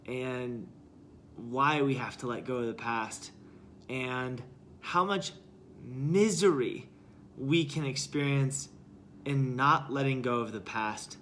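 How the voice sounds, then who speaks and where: A man's voice: medium pitch, slow, fairly bright tone, a little hiss or hum. A man hosting a live-stream motivational talk as a life coach, earnest and emphatic with lots of repetition.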